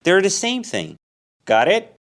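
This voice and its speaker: A man's voice: high-pitched, huge pitch swings, a little slow, fairly bright tone, a little hiss or hum. A man telling a simple story as an English lesson, asking questions about it and answering them himself. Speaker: English teacher.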